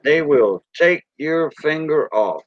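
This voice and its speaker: Expressive and fairly high-pitched, a man with a Cajun accent takes it slowly while hosting a casual livestream. He rambles in a folksy manner and greets viewers by name, in dull, dry lo-fi sound with no room sound.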